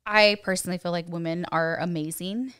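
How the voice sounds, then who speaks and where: Smooth-voiced chatty young woman. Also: steady tone, a little fast, fairly bright tone. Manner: chatty storyteller, acts out quotes in a higher voice. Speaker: podcast co-host. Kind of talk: casual chat.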